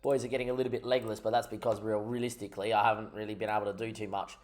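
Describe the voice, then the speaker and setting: A man's voice: on the low side, level tone, racing. A young man giving frustrated, rambling commentary over his own gameplay, swearing often. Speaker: gaming YouTuber.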